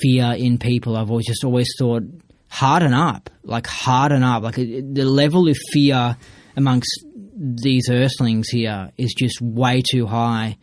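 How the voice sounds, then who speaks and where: A man's voice: medium pitch, fairly even intonation, a little slow, dry recording. A man in a casual podcast monologue, ranting emphatically and swearing freely. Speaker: podcast speaker.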